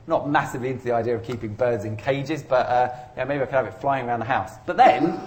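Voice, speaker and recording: Brief: a male lecturer, casual and rambling, dry self-mocking jokes, middle pitch. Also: fast talker. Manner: chatty, rambling, self-deprecating humour. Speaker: university lecturer. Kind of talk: informal statistics lecture. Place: lecture room.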